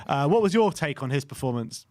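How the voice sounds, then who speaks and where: A man's voice: fairly high pitch, expressive, a little fast, a little mellow, no room sound, studio quality. A man interviewing a fan after a match, asking short questions and laughing along. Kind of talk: casual post-match interview.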